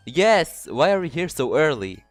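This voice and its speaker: A man commentating a game as he reads it aloud, jokey and prone to swearing. His pitch bounces all over the place, with faint music playing under him. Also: big pitch swings, unhurried, no room sound. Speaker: let's player.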